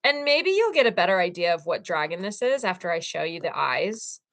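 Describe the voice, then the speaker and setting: A woman hosting a casual live stream from her crafting room at home, chatting and gushing excitedly to her viewers. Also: lowish voice, a little fast. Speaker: livestream host.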